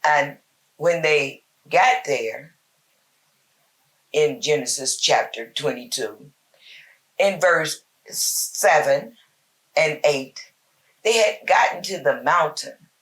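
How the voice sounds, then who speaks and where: Woman host, folksy devotional preacher; unhurried, deliberate, lower pitch. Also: lively intonation, a bit bright. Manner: slow, emphatic, folksy preaching with repetition. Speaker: host giving a short Bible talk. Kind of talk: informal spoken devotional.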